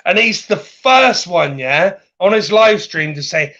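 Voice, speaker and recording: A man on a livestream, in an angry, heated rant full of swearing and shouting at times. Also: sits high, expressive, unhurried, hardly any pauses. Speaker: livestream guest. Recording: dull lo-fi sound.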